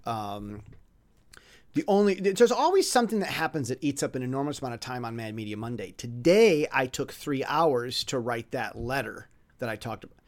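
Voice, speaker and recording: A man's voice: mid-range voice, animated, moderate pace. A man hosting a podcast alone, talking casually in a rambling, self-mocking way, with frequent restarts and fillers. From foreign resident in Taiwan. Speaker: podcast host. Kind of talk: casual monologue.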